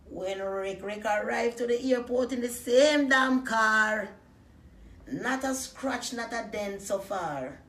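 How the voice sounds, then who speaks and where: A woman's voice: on the high side, takes it slowly, a bit bright, far from the mic. Woman, Jamaican accent, brash profane patois rap, roomy echo, set back from mic.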